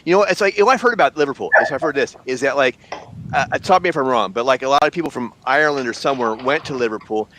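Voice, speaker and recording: A man's voice: medium pitch, rapid-fire, fairly bright tone, slight background noise. A man hosting a group chat stream, rambling chattily with lots of fillers. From United States. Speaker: host.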